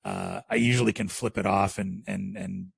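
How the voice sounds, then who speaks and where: Gravelly low-voiced man with Chicago accent. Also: moderate pace, no echo. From Chicago area. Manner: relaxed, rambling with many fillers. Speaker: podcast guest. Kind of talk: casual interview chat.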